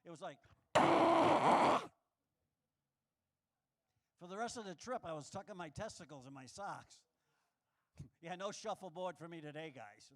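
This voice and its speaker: A man doing a stand-up comedy set on a club stage, animated and acting out the voices he quotes. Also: moderate pace. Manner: animated, acts out quoted voices with big pitch jumps.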